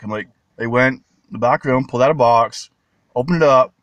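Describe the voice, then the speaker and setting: A man vlogging excitedly about toy finds at a mall, talking slowly but leaping into high squeals and baby talk. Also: dry recording. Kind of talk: excited casual vlog. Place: shopping mall.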